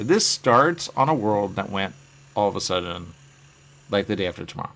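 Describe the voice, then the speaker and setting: His voice is lowish and creaky, animated but at a normal speed, as he chats loosely on his live stream about his comic covers. He responds to viewer comments and tends to let the ends of his phrases fade away quietly.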